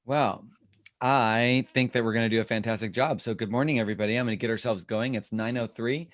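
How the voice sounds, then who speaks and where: A man's voice: mid-range voice, fairly even intonation, fairly quick, no echo. A man leading an online real estate class from his home office, chatty and rambling, over a video call. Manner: chatty, rambling, self-deprecating.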